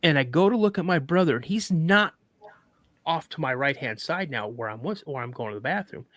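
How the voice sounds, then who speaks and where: A male podcast guest tells a story casually and with animation, acting out quoted dialogue and frequently restarting sentences. His voice is a little high and brisk, with no room sound.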